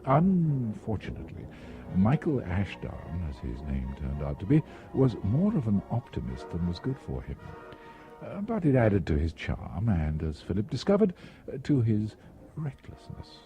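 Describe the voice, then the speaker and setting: A man's voice: on the low side, wildly swooping pitch, moderate pace, music in the background. A man reading a travel story aloud in a wry manner, with frequent small restarts, on a dull lo-fi recording.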